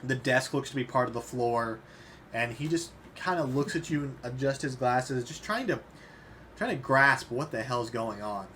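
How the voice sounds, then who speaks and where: Chill guy running a tabletop game, mid-pitched, faint background noise. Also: moderate pace. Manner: relaxed, easygoing description with fillers. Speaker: game master.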